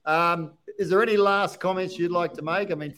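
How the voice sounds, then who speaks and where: A man's voice: sits high, steady tone, fairly quick, a bit bright, slight background noise, poor audio. A man with an Australian accent who hosts a casual podcast chat, talking agreeably and saying "yeah" a lot. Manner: chatty, agreeable, lots of "yeah". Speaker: podcast host.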